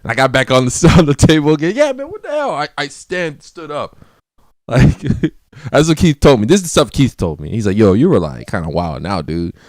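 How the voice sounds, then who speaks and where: A man's voice: mid-range voice, lively intonation, brisk, no room sound, studio quality. A man telling a party story in casual chat, acting out quotes and laughing often. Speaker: guest.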